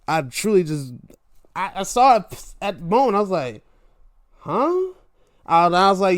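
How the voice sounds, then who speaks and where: A man hosting a casual solo show, reviewing wrestling events in animated, profane, exasperated rants. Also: high voice, clear, resonant tone, dry recording, studio quality.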